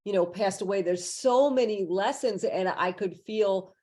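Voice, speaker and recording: Woman interview host, effusive and chatty, middle pitch, on a video call. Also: normal speed, warm tone. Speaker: podcast host. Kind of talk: interview conversation.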